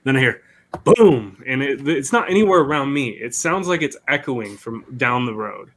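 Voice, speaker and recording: Man, casual podcast co-host, profane storyteller, laughs a lot, average pitch. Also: lively intonation, fairly quick, sharp tone.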